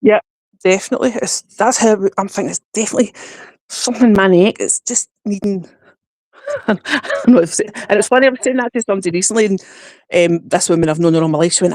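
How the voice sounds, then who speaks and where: A woman's voice: mid-range voice, fast, darkish tone, dry recording. A chatty woman with a broad Glasgow accent tells rambling stories with frequent laughs. Her voice sits mid-range, recorded close and dry with no room sound. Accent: Glasgow Scottish. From Scotland. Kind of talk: casual chat.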